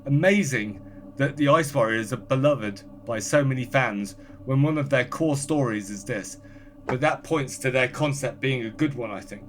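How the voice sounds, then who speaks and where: A man appearing as a podcast guest in casual chat, reading listener comments aloud in a brisk, dry, offhand way. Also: medium pitch, a little hiss or hum.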